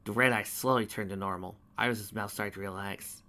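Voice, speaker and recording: A man reading a dark fan fiction story aloud in an animated, dramatic way. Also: fairly low pitch, a little fast. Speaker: narrator.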